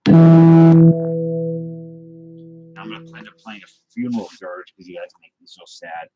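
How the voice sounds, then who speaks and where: Guy with a lowish voice rambling thru chat on his stream, jokey and self-deprecating. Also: fairly quick, narrow, tinny audio, loud music behind the voice. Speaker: livestream host of a trading card and guitar show. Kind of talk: casual livestream chat answering viewer comments.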